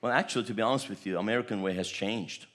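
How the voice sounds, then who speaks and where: A pastor from Turkey preaching a sermon, telling stories animatedly and often repeating words. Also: male voice, on the low side, racing, a bit bright. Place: church.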